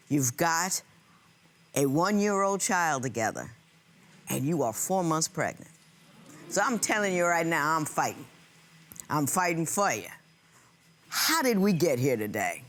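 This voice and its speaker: Animated American woman judge. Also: low-pitched. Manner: animated, teasing, exclamatory. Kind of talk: courtroom TV show.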